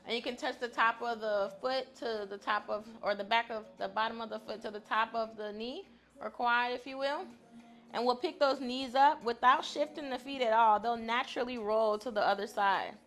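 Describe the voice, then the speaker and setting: A woman's voice: on the high side, steady tone, normal speed, a bit bright, faint music behind. Upbeat woman leading stretches. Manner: upbeat, chatty, laughs often, says "y'all". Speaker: fitness instructor. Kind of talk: guided stretching class.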